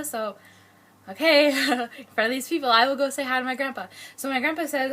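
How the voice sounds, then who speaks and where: A woman's voice: high voice, fairly even intonation, quick pace, a bit bright. A young woman telling family stories in a casual, chatty vlog, laughing often. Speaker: vlogger.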